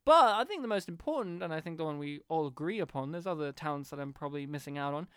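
High-voiced man chatting about a film. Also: fast, clear, resonant tone, no room sound, clean studio sound. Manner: animated, acts out quoted lines. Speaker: podcast host. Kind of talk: casual film discussion.

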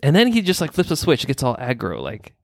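A man who works as a nurse, telling a work story casually, animated and swearing often. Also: mid-range voice, fairly quick. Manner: animated, swearing, acts out dialogue.

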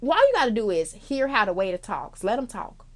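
A woman's voice: a little high, very animated, brisk. A young adult woman from the United States giving blunt, sassy life advice in a casual monologue, swearing freely and calling the listener girl.

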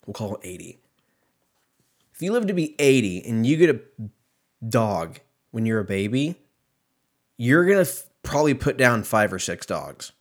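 A man's voice: mid-range voice, sing-song, moderate pace, long pauses. Rambling, profane young man. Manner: profane, rambling, self-mocking. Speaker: podcast host. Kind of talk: casual solo podcast rant.

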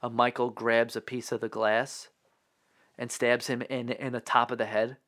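Male podcast host, relaxed recap delivery, mid pitch, dry booth sound. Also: dry recording. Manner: laid-back, filler-heavy retelling with quick impressions. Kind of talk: casual movie recap chat.

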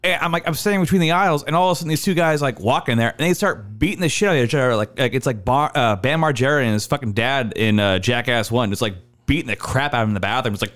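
A man in his thirties tells stories in casual chat, talking very fast with few pauses. He is animated, acting out the people in his stories with big jumps in pitch, and he swears a lot.

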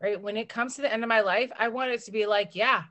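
A young woman co-hosting a podcast in casual chat, animated and joking, laughing often. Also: a little high, quick pace. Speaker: podcast co-host.

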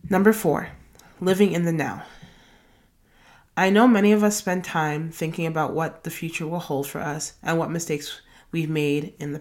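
A young woman with a low, full voice reads her blog post aloud as a podcast host. She works through numbered self-help tips and then wanders into relaxed, chatty asides before returning to the list.

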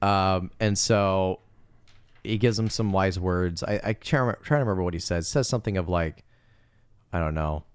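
A man's voice: low voice, normal speed, clean tone, no echo. A man co-hosting a casual podcast, recapping a film scene by scene and acting out the characters' lines. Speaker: podcast co-host. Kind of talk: casual movie recap chat.

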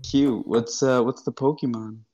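Very low-voiced woman player, dull sound. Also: steady tone, measured pace, mellow. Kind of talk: casual chat.

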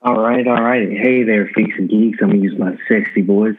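A man's voice: on the low side, fairly even intonation, moderate pace, noisy background. A laid-back man from Texas co-hosting a casual podcast, joking as he talks. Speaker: podcast co-host. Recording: tinny phone-line sound.

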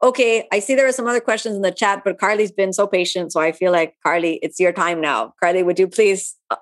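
A woman yoga teacher answering viewer questions in a live online session. She talks in a relaxed, chatty way with many asides. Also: medium pitch, quick pace.

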